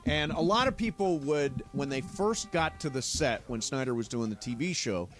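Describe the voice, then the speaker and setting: A middle-aged man co-hosting a sports talk radio show, jokey and animated. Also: medium pitch, moderate pace, faint music behind. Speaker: radio co-host.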